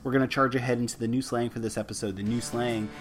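Talking fast over music, a Canadian man hosts a film podcast and chats casually with a guest. His mid-range voice is fairly even in intonation, and his talk is rambling and self-deprecating, full of restarts.

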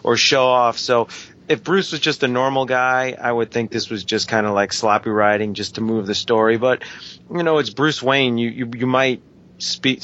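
A man's voice: on the low side, a bit bright. A man with a New York accent co-hosting a podcast, chatty and rambling, laughing often. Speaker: podcast co-host. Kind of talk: casual podcast chat. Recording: dull lo-fi audio.

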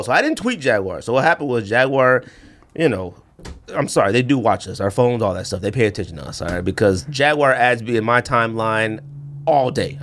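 Animated man with lively, jumping pitch. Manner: animated storyteller, acts out quotes with big pitch jumps; slangy, says bruh and man a lot. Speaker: podcast co-host. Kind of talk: casual chat.

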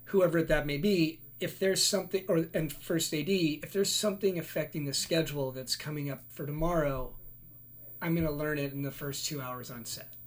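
A man's voice: on the high side, moderate pace. A man, a location manager, talking in a laid-back, easygoing way as a guest in a casual chat, thinking aloud.

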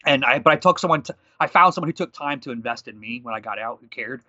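A man in his thirties telling a story from his working life in a quick, animated conversational way, quoting people as he goes. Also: mid-range voice, no room sound, muffled recording. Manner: fast, animated storytelling with quoted dialogue. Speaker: guest.

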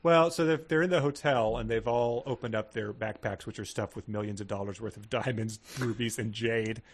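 A man's voice: fairly low pitch, moderate pace, breathy edge. Wry male podcast co-host. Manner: wry, sarcastic commentary. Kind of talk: casual comedic book discussion.

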